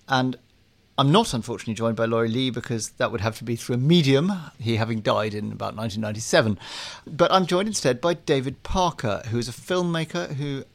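A man hosting a podcast, introducing the topic and guest in a measured, articulate way with dry asides. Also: mid-range voice. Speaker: podcast host.

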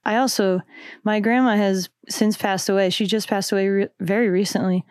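Smooth-voiced reflective young woman. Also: mid-range voice, fairly even intonation, moderate pace, dry recording, clean studio sound. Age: young adult. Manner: reflective, rambling, self-interrupting with soft laughs. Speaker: musician guest. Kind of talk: casual interview chat.

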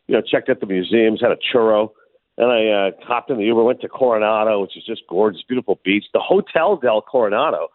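Animated fast-talking man on a phone line. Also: fairly low pitch, no echo. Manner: animated storyteller, quick and lively. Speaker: radio co-host. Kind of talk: casual radio banter.

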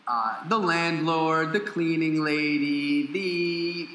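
Bright-voiced blunt man in an echoey room. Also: a little high, takes it slowly. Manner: blunt, frank, swears casually. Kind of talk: casual conversational podcast. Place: lives in Costa Rica.

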